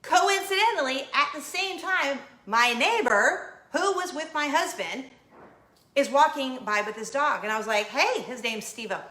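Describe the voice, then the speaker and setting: Mom in her 30s telling a wild story, bright lively voice, kinda echoey room. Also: high-pitched, normal speed. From not from Florida. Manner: animated, acts out quoted voices, laughs. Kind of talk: casual storytelling to camera.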